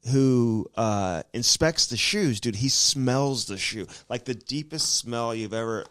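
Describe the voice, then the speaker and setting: Male podcast co-host, mid-pitched, relaxed teasing banter, dry close-mic sound. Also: slow, clear, resonant tone, no echo. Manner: easygoing, teasing, reads out announcements. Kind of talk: casual chat.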